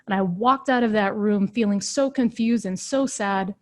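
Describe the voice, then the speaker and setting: A woman in her thirties speaks as a coach in a live session, her voice pitched in an ordinary middle range. She tells her own story earnestly, with heartfelt emphasis and shifting tempo. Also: moderate pace, a little mellow. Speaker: leadership coach. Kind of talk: motivational personal storytelling.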